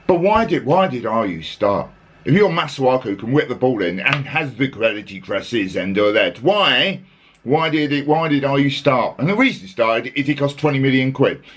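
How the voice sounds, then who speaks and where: A man hosting a casual football chat, sarcastic and exasperated, rambling with restarts. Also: a little high. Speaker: podcast host.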